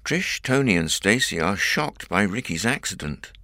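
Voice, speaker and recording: A man narrating a story in a clear, expressive audiobook reading. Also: fairly low pitch, moderate pace, dry recording, studio quality.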